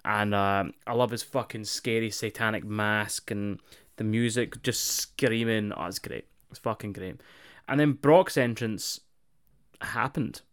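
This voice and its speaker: A man gives blunt wrestling opinions in casual podcast chat. He swears a lot and gushes over what he loves, in a smooth, clear voice. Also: on the low side, unhurried. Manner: blunt, sweary, enthusiastic about favourites. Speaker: podcast co-host.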